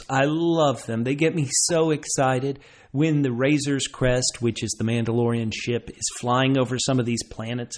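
A man hosting a podcast in casual chat, enthusiastic and quick to laugh. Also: mid-range voice. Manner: chatty, laughs often, enthusiastic. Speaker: podcast host.

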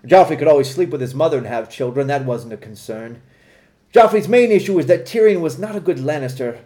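A man co-hosting a podcast, reading comic fan fiction in a deadpan storytelling voice. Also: on the high side, fairly quick. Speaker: podcast co-host.

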